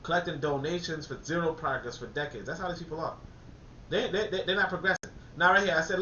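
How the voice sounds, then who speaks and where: Male livestream host, ranting and swearing; tense, bright voice, muffled and set back from the mic. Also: a little high, fast, slight background noise. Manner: blunt, ranting, swears, slangy asides. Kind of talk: casual commentary. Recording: echoey, distant, muffled.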